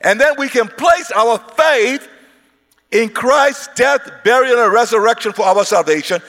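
Male preacher, bright high voice, shouts for emphasis, reverb-heavy hall. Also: expressive, measured pace. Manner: emphatic, repeats words, rises into shouts. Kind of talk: sermon.

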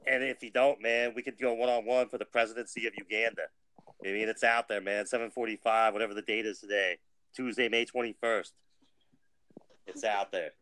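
Brash low-voiced man talking trash. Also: level tone, a little fast, fairly bright tone, no echo. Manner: brash, boastful trash talk. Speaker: podcast co-host. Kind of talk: casual podcast chat.

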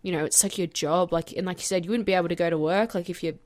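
A woman with a fairly low voice chats casually and backs up her friend. She swears now and then in an offhand way. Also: fairly even intonation, fast talker, darkish tone. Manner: supportive, chatty, swears casually. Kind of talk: casual podcast chat.

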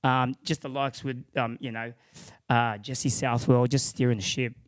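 A man chats about sport on a casual podcast in an easygoing, mid-pitched voice. He leans on fillers as he breaks down players. The recording is dry and close. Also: little pitch movement, moderate pace, no room sound. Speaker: podcast co-host.

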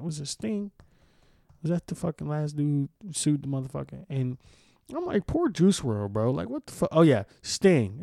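A man's voice: fairly high pitch, gravelly, a little mellow, no room sound, clean studio sound. A young man hosting a solo podcast, reading news aloud and then ranting about it with heavy profanity. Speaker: podcast host.

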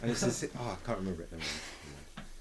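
Lively young man. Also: deep voice, racing, over a noisy crowd. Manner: animated, jokey, swearing, trails off mid-sentence. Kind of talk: casual chat.

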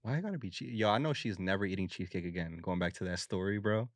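A young man co-hosting a podcast in casual chat, slangy and quick to laugh. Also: sits low, no room sound. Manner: slangy, laughs often, acts out quick voices. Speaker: podcast co-host.

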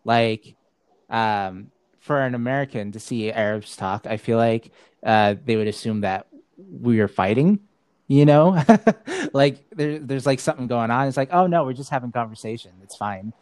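A man's voice: medium pitch, a little slow, darkish tone, smooth, dry recording. Chatty male podcast host, dry sound. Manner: chatty, filler-heavy, laughs easily. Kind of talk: casual podcast conversation.

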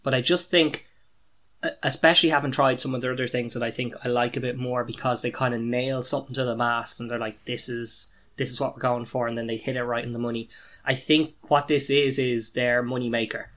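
A man's voice: mid-range voice, fairly even intonation, a little fast, a bit bright. An Irish man co-hosting a beer podcast, chatting casually and giving his verdict on a beer. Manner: chatty, joking, reviewing beer. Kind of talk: casual chat.

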